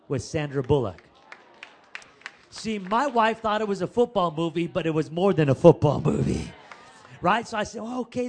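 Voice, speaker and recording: High-voiced man preaching a story sermon. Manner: animated, chatty, laughing asides, calls to the congregation. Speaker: pastor.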